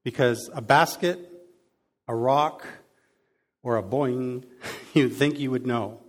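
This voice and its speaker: A man preaching a sermon in a conversational way, adding lively sound effects to his examples. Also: mid-range voice, takes it slowly. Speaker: pastor. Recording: long hall reverb.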